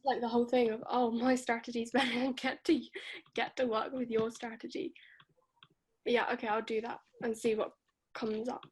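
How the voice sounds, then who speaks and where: A woman client in a coaching session, speaking hesitantly and thoughtfully with many pauses. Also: fairly high pitch, level tone, a little mellow, breathy edge, rough recording.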